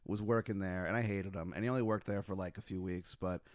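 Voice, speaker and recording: A man hosting a podcast, chatting casually and telling lively stories from restaurant work, acting out both sides of the exchanges. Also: low-pitched, fast, no room sound, studio quality. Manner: animated storyteller, acts out quoted exchanges. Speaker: podcast host. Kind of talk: casual chat.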